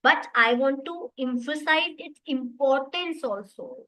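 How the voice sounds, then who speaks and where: Bright high-voiced woman teaching online. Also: a little slow, rough recording. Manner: explanatory, repeats points, addresses students. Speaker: web development teacher. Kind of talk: online class lecture.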